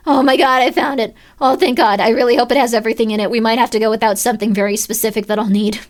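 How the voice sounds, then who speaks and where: A young woman streaming a horror game, talking in an animated, self-deprecating way with lots of fillers and rambling asides. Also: on the high side, very fast. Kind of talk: live let's-play commentary.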